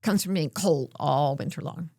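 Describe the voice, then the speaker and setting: Gravelly-voiced woman teasing her co-host. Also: low-pitched, dark tone, no echo, studio quality. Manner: teasing, playful, quick to laugh. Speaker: podcast co-host. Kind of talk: casual chat.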